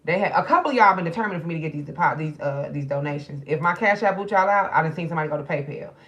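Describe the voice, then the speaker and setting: A woman's voice: deep voice, expressive, rapid-fire, a bit bright, highs cut off. A middle-aged woman talks loosely and directly to her viewers in a casual livestream chat. She is grieving and subdued. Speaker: spiritual reader streaming live.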